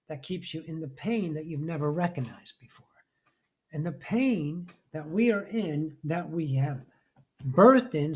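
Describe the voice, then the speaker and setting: A man holds forth in a live spiritual talk, pitched a little above the usual male range. He is intense and rambling, and he drops profanity freely as he presses his points about identity and freedom. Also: a little mellow. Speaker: spiritual teacher.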